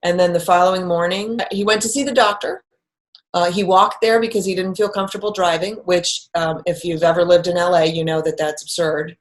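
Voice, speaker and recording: A woman's voice: on the low side, fairly quick. A middle-aged woman recounting a personal story in conversation, acting out the quoted lines as she goes. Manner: animated, acts out quoted lines. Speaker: guest telling a personal story.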